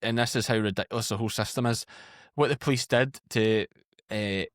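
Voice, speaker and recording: A Scottish man in his thirties, a podcast guest telling lively anecdotes in casual chat. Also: medium pitch, brisk, no room sound, clean studio sound. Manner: chatty, animated anecdotes. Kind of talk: casual storytelling.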